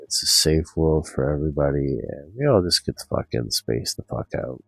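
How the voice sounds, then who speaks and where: Low-voiced man in a rambling rant. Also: expressive, moderate pace, gravelly, husky, no room sound, faint music behind, poor audio. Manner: profane, meandering rant with many restarts. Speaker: streamer. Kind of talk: rambling monologue.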